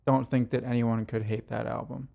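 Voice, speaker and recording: Gravelly-voiced man co-hosting a podcast. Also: mid-range voice, flat delivery, normal speed, warm tone. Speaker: podcast co-host. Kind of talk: casual chat.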